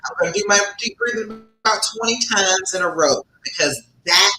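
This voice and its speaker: A woman relationship coach giving an emphatic live-streamed talk, swinging between loud and soft as she makes her points. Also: fairly quick, faint music behind. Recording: echoey room with faint rumble.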